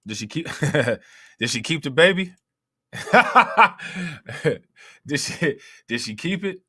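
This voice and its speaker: A man's voice: a little high, lively intonation, moderate pace, bright, forceful tone, husky, dry recording, clean studio sound. A man with an Ohio accent hosting a casual livestream, talking loosely, laughing often and reading out chat messages. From Ohio, USA. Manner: loose, conversational, laughs often, keeps asking "you know what I'm saying".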